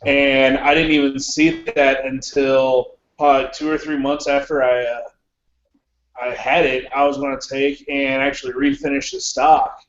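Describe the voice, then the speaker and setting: A man in a casual online voice chat, telling a story in a relaxed way. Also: medium pitch, measured pace. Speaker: gun owner in an online voice chat. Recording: echoey, muffled voice-chat audio.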